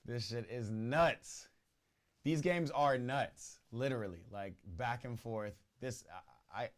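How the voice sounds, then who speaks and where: A man hosting a live football watch party stream, reacting excitedly and chatting casually to viewers in slang. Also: medium pitch, measured pace. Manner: excitable, slangy, exclaims at goals.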